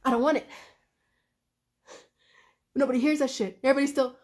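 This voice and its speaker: High-voiced woman, exhausted, laughing through tears. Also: steady tone, brisk, darkish tone. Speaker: livestreamer. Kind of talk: raw emotional livestream rant.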